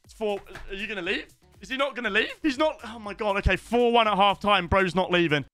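A young British man giving excitable live commentary over a football video game, chatting with viewers and shouting at goals. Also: high-pitched, fast, dry recording, soft background music. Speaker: gaming streamer.

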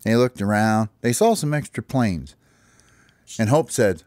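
Dad improvising a children's tale, rambling delivery, lively low voice, close dry sound. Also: male voice, a little slow, dry recording. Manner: rambling, restarts with "well, anyway". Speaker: father telling a story.

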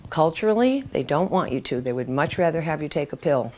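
A woman's voice: deep voice, animated, fairly quick, darkish tone. A woman in her seventies, a writing teacher telling candid stories to an audience, swearing freely and acting out the voices of people in her stories. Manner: acts out quoted voices. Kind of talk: storytelling talk to an audience.

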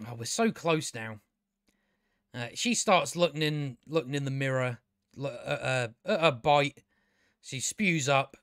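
A man's voice: mid-range voice, lively intonation, unhurried, fairly bright tone, dry recording, clean studio sound. Chatty man rambling through a review. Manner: chatty, frequent restarts, swears casually. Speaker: TV review channel host.

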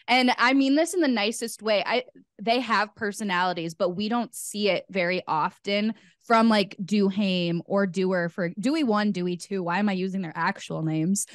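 Woman, hoarse, podcast host, bubbly rambling chat, dry close sound. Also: medium pitch, normal speed, no echo.

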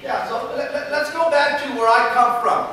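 A man's voice: very high voice, normal speed. A man from Southern California giving a motivational keynote speech, telling stories and acting out dialogue. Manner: storytelling, animated, acts out dialogue with a Spanish switch. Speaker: keynote speaker. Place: large convention hall. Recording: echoey hall from far off, faint noise.

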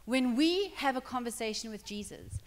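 Woman pastor, sermon, fairly high voice, long church reverb; chatty, acts out dialogue. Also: animated, moderate pace. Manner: conversational preaching, acts out dialogue, checks in with listeners. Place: church hall.

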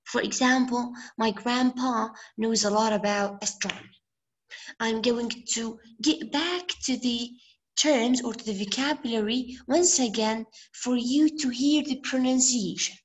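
A woman's voice: on the high side, a little slow, rough recording. A young woman with a Levantine Arabic accent, patiently explaining English words with examples, and giving an Arabic gloss now and then. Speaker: English teacher. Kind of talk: vocabulary lesson.

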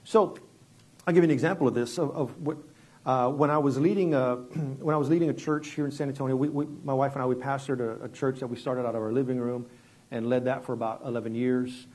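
A middle-aged man preaching as a guest pastor, telling stories conversationally with many restarts and sudden hushed moments. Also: medium pitch, steady tone, quick pace. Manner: conversational, repeats words and restarts, drops quiet for dramatic story moments. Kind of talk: sermon with storytelling.

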